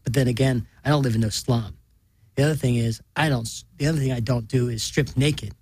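Guy doing a coarse blunt middle aged dude lecturing the kids, husky, dry sound. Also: medium pitch, steady tone, fairly quick, darkish tone, no room sound. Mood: gruff.

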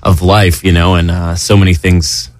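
A man's voice: low-pitched, level tone, moderate pace, no room sound. A man interviewing an author, talking in a loose, rambling way full of "you know". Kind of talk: interview conversation.

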